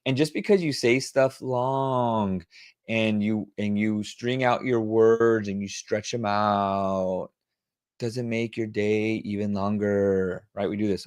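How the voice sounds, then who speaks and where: A man's voice: lowish voice, fairly even intonation, slow pace, darkish tone, smooth, no echo, clean studio sound. A middle-aged man answering audience questions on wellbeing in a casual, coaching tone, with plenty of fillers. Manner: conversational, coaching tone with frequent fillers. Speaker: webclass host answering questions.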